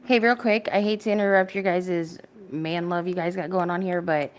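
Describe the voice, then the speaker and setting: Brash low-voiced woman on a voice call. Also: fairly even intonation, moderate pace, a little hiss or hum. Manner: teasing, brash, laughs often. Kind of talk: casual group chat on a voice call.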